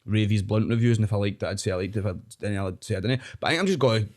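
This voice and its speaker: Rapid-fire Scottish man, rambling. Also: on the low side. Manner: rambling, fast, keeps adding "know what I mean". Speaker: guest. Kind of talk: casual chat.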